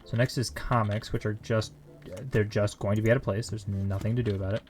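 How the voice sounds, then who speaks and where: A man's voice: lowish voice, fairly even intonation, a little fast, darkish tone, slight background noise. A man streaming a shop simulator game live, talking to himself with frantic exclamations and silly mild curses over faint music and keyboard clicks. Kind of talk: casual live gameplay commentary.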